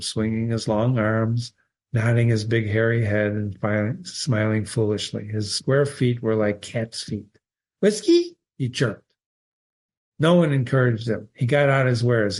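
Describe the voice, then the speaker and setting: A man reading a short story aloud in a measured, steady way. His voice sits at a middling pitch. Now and then he trips on a word and restarts. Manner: measured, with occasional slips. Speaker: reader.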